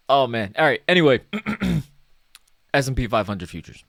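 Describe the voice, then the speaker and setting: Man, mid-range pitch, casual chart commentary, chatty, self-mocking, dry sound. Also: sing-song, moderate pace, vocal fry, pauses often, a bit bright, no room sound. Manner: chatty, self-mocking, repeats "okay" and "right". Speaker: stock market analyst.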